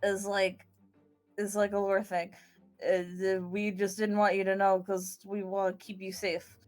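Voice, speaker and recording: Woman, rambling recap, mid-pitched, casual, soft music underneath. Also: little pitch movement, unhurried. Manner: scattered, restarts often, swears, laughs easily. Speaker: podcast player giving recap.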